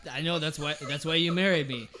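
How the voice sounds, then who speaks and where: A man's voice: fairly high pitch, quick pace, sharp tone. A man playing a goofy, self-deprecating husband in an improv comedy sketch. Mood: sheepish. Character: hapless husband.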